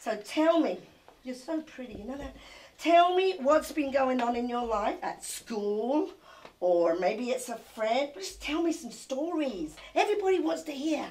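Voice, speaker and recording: An older Englishwoman hosts a TV show, chatting casually with a child guest in a gushing, doting, sing-song manner. Her voice sits high with lively intonation and a darkish tone, and she speaks at a measured pace.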